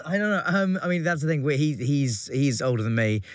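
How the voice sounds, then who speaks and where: A man's voice: fairly high pitch, lively intonation, moderate pace, no echo, clean studio sound. An English man, an actor, chatting in an interview with frequent laughs and restarts. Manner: rambling, self-interrupting, laughs often. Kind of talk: casual interview chat.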